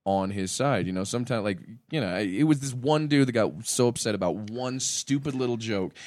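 Animated man telling a comedy story. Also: mid-range voice, brisk, no echo, studio quality. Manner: animated, acts out the people in his stories. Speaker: stand-up comedian, podcast guest. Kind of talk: casual storytelling.

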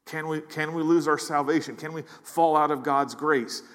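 A male pastor preaches a sermon earnestly, often repeating words to build emphasis. His voice sits on the high side with fairly even intonation, a moderate pace, and a fairly bright tone, all carried by a long hall reverb.

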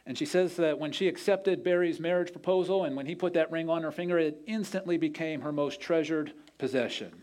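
Telling a story in earnest from the pulpit, a pastor gives each quoted speaker their own voice. His own voice is fairly high and a little mellow.

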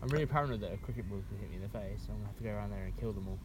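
A man's voice: fairly low pitch, rapid-fire, noisy background. A man from England co-hosting a podcast in casual chat, sweary and rambling, laughing often. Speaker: podcast co-host.

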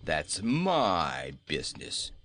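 A man's voice: low voice, extremely slow, fairly bright tone, voice pushed down, exaggerated voice. A man voicing a surly, weary talking male goat.

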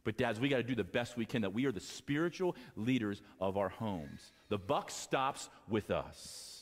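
A male pastor preaching a sermon to fathers, impassioned, moving from quiet talk to raised exhortation. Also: fairly low pitch, animated, normal speed, big-room sound. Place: church sanctuary.

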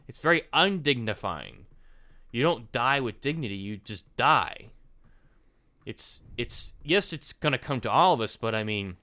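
Podcast co-host, male, bright forceful tone, casual ranting delivery. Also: mid-range voice, moderate pace. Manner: animated, repeats and restarts words. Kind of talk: casual opinion chat.

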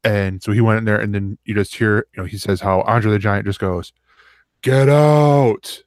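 A man with a lowish voice tells a rambling story in casual podcast chat. The sound is close and dry, with no room echo. He acts out the quotes as he goes. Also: level tone, fairly quick. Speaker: podcast co-host.

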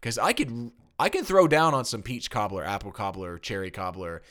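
Lively-voiced man from Tennessee. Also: on the low side, normal speed. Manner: animated, joking, reads out listener comments. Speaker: podcast co-host. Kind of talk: casual chat.

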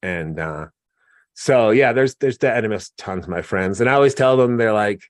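A man's voice: sits low, fairly quick, no room sound, clean studio sound. Easygoing man chatting on a podcast. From Oregon. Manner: rambling, animated storyteller who mimics others' voices. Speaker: podcast host. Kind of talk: casual conversational interview.

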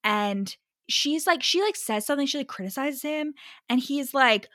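A woman's voice: high voice, expressive, normal speed, a bit bright, no echo, studio quality. A woman co-hosting a casual podcast, recapping a book with frequent laughter and mocking retellings of its characters. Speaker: podcast co-host.

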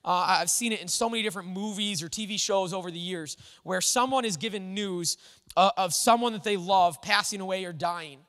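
A man's voice: high-pitched, brisk, fairly bright tone. Pastor guy giving a sermon, earnest and chatty, lots of restarts, church hall echo. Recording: long hall reverb.

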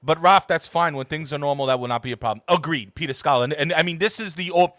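Opinionated man co-host, bright edgy voice, dry close sound. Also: fairly high pitch, no echo. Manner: opinionated, halting with repeated words. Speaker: co-host of a football podcast. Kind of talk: casual chat.

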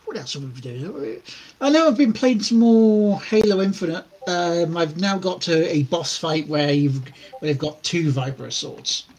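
A man's voice: fairly high pitch, animated, moderate pace, darkish tone, a little hiss or hum. A man co-hosting a casual gaming podcast, joking and teasing, laughing often. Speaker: podcast co-host. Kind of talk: casual chat.

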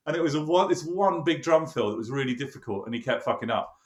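A fast-talking man with a mid-range voice, a producer, casually recalls a recording session as a studio anecdote. He's a lively storyteller who acts out the quoted dialogue and laughs often, and the recording has a roomy, echoey sound.

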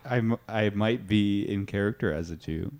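A man playing a mock improv teacher in a comedy sketch, talking in a deadpan, instructive way. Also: fairly low pitch, normal speed.

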